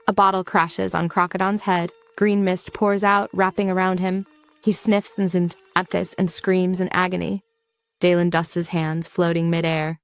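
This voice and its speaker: A woman narrating a scripted comic recap in a quick, wry storytelling manner. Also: mid-range voice, little pitch movement, smooth, no echo.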